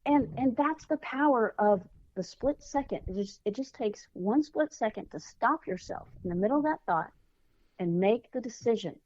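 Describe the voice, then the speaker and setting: A woman guest on a podcast, a children's author and life coach, telling stories in lively, casual chat and acting out the quotes. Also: a little high, moderate pace, highs cut off. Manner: animated storyteller, acts out quotes.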